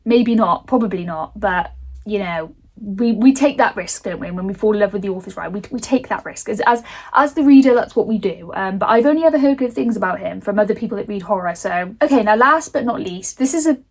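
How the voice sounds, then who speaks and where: A woman's voice: mid-range voice, lively intonation, fairly quick, darkish tone. Chatty woman talking about books. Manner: chatty, rambling, swears casually, laughs often. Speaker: book vlogger. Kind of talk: casual book chat.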